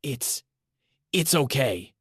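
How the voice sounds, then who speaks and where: A man voicing a distraught young woman in a horror story reading, pitching his voice up. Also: sing-song, slow pace, fairly bright tone, breathy edge, no room sound, studio quality, full character voice. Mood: panicked.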